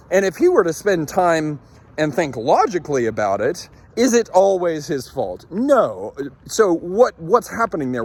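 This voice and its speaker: A man in his thirties, a leadership coach, telling a story in a relaxed, conversational way with frequent fillers and restarts. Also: a little high, husky. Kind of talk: casual storytelling talk.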